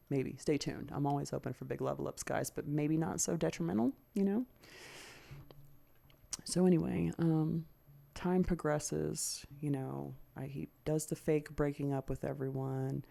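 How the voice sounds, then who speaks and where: A woman hosts her own podcast, talking through a personal story with raw, profane anger. Her voice is dark and mellow, with a gravelly rasp that shows through. She vents and rants, now and then mimicking what others said. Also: sits low, steady tone. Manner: profane, venting and heated, with quick mimicry of others. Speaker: podcast host. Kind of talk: candid storytelling monologue.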